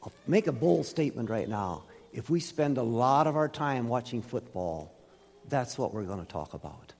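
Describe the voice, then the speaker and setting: A man preaching a sermon as pastor, emphatic, swinging from loud highs to soft lows. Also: sing-song, moderate pace. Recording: reverberant hall.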